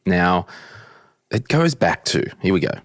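A man's voice: sits low, very animated, unhurried, no room sound, clean studio sound. A man hosting a podcast in a casual, chatty way, ranting bluntly at times. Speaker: podcast host.

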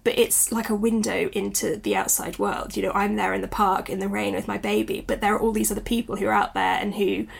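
Candid woman with a gravelly voice. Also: medium pitch, steady tone, a little fast, hardly any pauses. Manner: reflective, candid, laughs often. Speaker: guest, author and new mother. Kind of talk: conversational interview.

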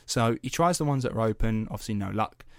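A man's voice: on the low side, expressive, quick pace, no room sound, studio quality. A young man hosting a podcast, telling a story in a loose, chatty way, swearing freely and padding with fillers. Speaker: podcast host. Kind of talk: casual storytelling chat.

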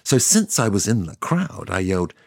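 A sardonic, offhand God narrating. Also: male voice, on the low side, big pitch swings, normal speed, a little mellow, no echo, clean studio sound. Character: God as a sardonic, boastful narrator, ageless man. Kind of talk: scripted comedic narration.

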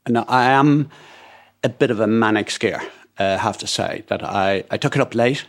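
Gravelly older man from Ireland. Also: fairly low pitch, normal speed. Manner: rambling, with many fillers and restarts. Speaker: podcast co-host. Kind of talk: casual storytelling chat.

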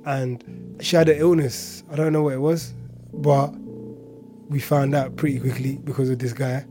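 A man's voice: medium pitch, little pitch movement, normal speed, over music. A man casually telling a personal story, chatty and full of filler words and asides.

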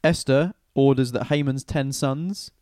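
A man's voice: mid-range voice, measured pace, mellow, no echo, clean studio sound. A man retelling an old story casually and irreverently, swearing and joking.

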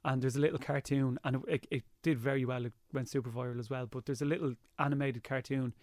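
A young Irish man chatting as an interview guest, telling lively stories and slipping into impressions. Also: mid-range voice, fast, dry recording, studio quality. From Ireland. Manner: lively storyteller, slips into impressions. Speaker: guest, YouTuber. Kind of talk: casual interview chat.

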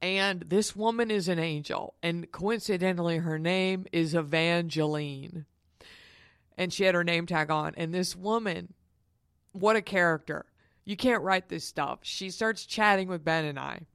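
Woman podcast host, frank and confiding, smooth clear voice, dry close sound. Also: fairly low pitch, a little slow, a bit bright, dry recording. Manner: frank, emphatic and confiding, addresses listeners as honeys. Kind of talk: candid personal storytelling.

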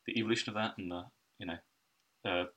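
A man hosting a podcast, chatting casually and telling stories in a quick, animated way with laughs. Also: on the low side, muffled recording. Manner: rapid, animated storytelling with laughs. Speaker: podcast host. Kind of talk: casual chat. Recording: distant from the mic.

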